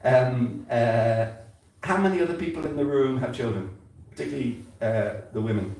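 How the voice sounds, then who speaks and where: An older man from England giving an informal sermon at a temple, talking conversationally and halting often, repeating words and using fillers. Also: mid-range voice, darkish tone. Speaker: spiritual speaker at a temple gathering. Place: temple hall. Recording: very echoey hall, heard from a distance.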